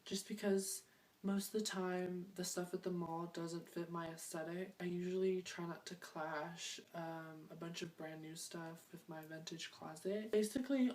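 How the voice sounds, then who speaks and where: A young woman chats to her viewers in a loose, rambling, self-mocking way, joking as she goes. Her voice sits a little low for a woman. She is picked up from some distance off the mic, with a faint hiss underneath. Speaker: beauty and fashion vlogger. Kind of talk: casual chat to camera.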